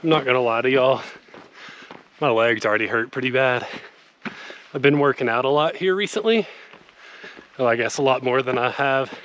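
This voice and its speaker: A man's voice: medium pitch, moderate pace, long pauses, a bit bright, lo-fi sound, a little hiss or hum. A man talking through a solo mountain hike, chatty and upbeat, at times out of breath. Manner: upbeat, chatty, says y'all. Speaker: hiking vlogger. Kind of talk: hiking vlog with voice-over narration. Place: outdoors on a mountain trail. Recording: light music behind.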